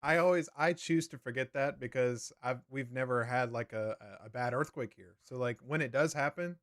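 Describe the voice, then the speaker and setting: Relaxed male co-host, dry mic. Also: mid-range voice, normal speed, no room sound. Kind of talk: casual talk show banter.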